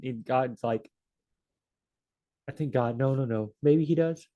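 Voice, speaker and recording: A man's voice: medium pitch, animated, unhurried, mellow, muffled recording. Rambling man teaching the Bible. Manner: rambling and self-correcting, acts out quotes in different voices. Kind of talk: casual spoken Bible study.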